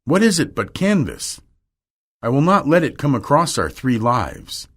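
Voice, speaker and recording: A man's voice: medium pitch, wildly swooping pitch, unhurried, voice pushed up, heavily acted. A man reading aloud and voicing a troubled male painter, speaking in an earnest, urgent way.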